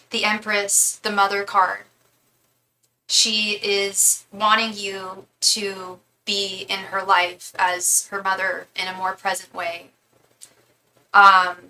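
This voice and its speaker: Bright-voiced woman giving a tarot reading. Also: medium pitch, a little hiss or hum, low-quality recording. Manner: emotional, repeats and restarts words, warm affirmations. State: close to tears. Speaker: tarot reader. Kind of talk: live-stream tarot reading.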